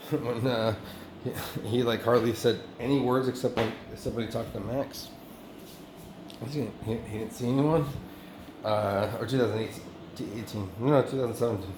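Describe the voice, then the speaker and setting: A man's voice: mid-range voice, reverberant, noisy background. A man talking in a rambling self-recorded monologue, swearing often and restarting his sentences. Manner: profane, halting, many restarts and fillers. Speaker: vlogger.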